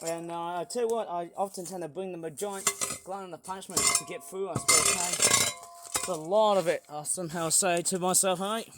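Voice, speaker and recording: A man chatting excitedly outdoors while smashing toys for a review vlog, often laughing and whooping. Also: sits high, a little fast, very noisy. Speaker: toy reviewer. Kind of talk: casual toy-smashing vlog. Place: outdoors on a hot day.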